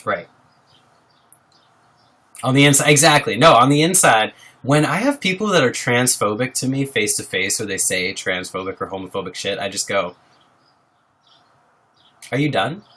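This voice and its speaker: A young man hosts a casual livestream, speaking earnestly and supportively to his viewers and reading their names aloud. His medium-pitched voice sounds pushed and bright, at normal speed.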